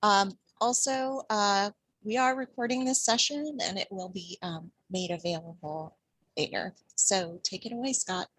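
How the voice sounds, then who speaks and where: A woman's voice: mid-range voice, unhurried, fairly bright tone, husky, low-quality recording. A woman moderating a conference session, introducing the speaker in a hesitant way with many fillers.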